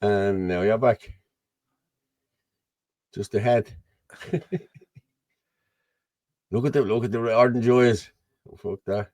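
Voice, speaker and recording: A man's voice: fairly low pitch, fairly even intonation, slow pace, pauses often, darkish tone, no room sound. Rambling Irish man hosting. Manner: rambling, keeps saying "you know what I mean". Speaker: host. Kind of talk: casual chat on a video call.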